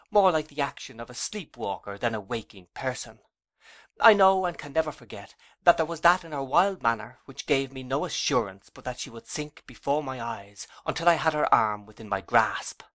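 A man narrating an audiobook with a measured, dramatic reading. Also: medium pitch, fairly bright tone. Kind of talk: scripted narration.

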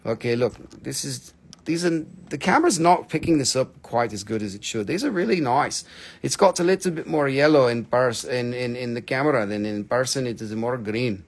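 A man of ordinary pitch hosts a casual live sales stream, joking and rambling as he shows off stones. He stretches out his excited exclamations in a playful way. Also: normal speed. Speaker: host selling crystals on a live stream.

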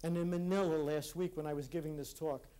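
A man's voice: on the high side, steady tone, dark tone. Earnest man giving a reflective talk. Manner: earnest, with halting restarts. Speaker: speaker at a conference. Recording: live talk in a hall.

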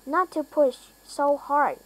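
A woman's voice: high voice, takes it slowly, a little hiss or hum, rough recording. A bossy big removal man, as a woman reads him.

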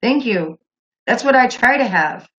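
A fiery woman hosts a call-in livestream, with a voice pitched a little above average. She talks bluntly and swears often. The audio comes through a muffled, lo-fi stream. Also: lively intonation, a little slow, a bit bright. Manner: blunt, profane, angry outbursts. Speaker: livestream host taking calls.

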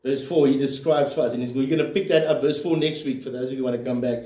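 In a church hall, a man preaches as a pastor, emphatic and leaning on rhetorical questions. His dark-toned, medium-pitched voice moves fast with fairly even intonation. The recording is echoey, picking him up from a distance.

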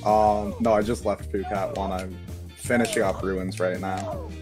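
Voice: low voice, little pitch movement, moderate pace, over music. A speedrunner racing alongside the streamer, chatting in a laid-back, teasing way. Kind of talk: casual live-stream chat while racing.

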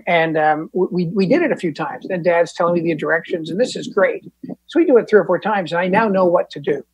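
Husky-voiced man telling his story. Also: high voice, darkish tone, dry recording, rough recording. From Canada. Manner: casual, candid, self-deprecating, with fillers and restarts. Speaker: Al-Anon speaker. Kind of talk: personal recovery storytelling.

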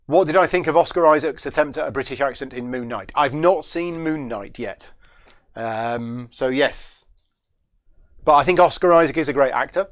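Man of middle pitch, board game host talking himself through each move. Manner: muses aloud, questions and answers himself; chats with viewers between moves. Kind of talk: solo board game playthrough, thinking aloud.

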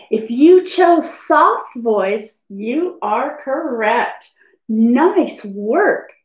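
Woman teacher, high voice, animated, slow pace, roomy echo. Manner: sing-song, encouraging, speaks slowly to young children. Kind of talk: children's lesson video.

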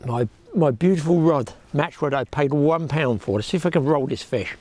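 A man's voice: on the high side, animated, fairly quick, few pauses, darkish tone. A middle-aged man chatting to viewers while fishing at a windy lakeside, wearing a clip-on mic. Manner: chatty, talks to viewers as "people" and "boys". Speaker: fishing vlogger. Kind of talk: casual commentary to camera. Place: outdoors at a lake bank, windy. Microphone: clip-on mic with lead.

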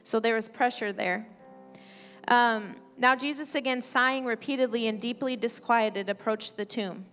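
A woman's voice: fairly high pitch, normal speed. A woman pastor preaching a sermon, reading scripture aloud and explaining it conversationally. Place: church sanctuary. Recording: church hall reverb with soft music.

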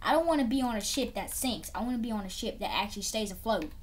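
A woman's voice: a little high, animated, quick pace, slight background noise, lightly acted. Woman putting on a pushy mock-British passenger. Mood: stubborn. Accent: put-on British. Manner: pushy, repeats "mate", complaining.

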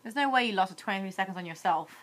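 A young woman with a bright, crisp voice talks casually to the camera for her daily challenge vlog. She is chatty and giggly, and she keeps teasing her husband, who stays off camera. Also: medium pitch, quick pace. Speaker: vlogger.

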